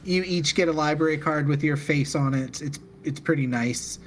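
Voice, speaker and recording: A man narrating as dungeon master of a tabletop game in a relaxed, joking way, laughing often. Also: on the high side, normal speed, a little hiss or hum.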